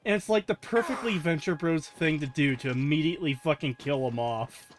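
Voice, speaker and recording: Male co-host, casual and loose; slightly high voice, swears and hesitates. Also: a little fast, background noise. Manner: loose, swearing, filler-heavy. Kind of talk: casual chat.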